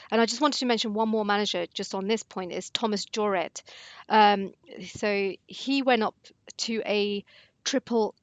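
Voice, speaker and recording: A woman's voice: mid-range voice, no room sound. A woman analyst talking through fund picks in a panel discussion, hesitant and full of "you know" fillers.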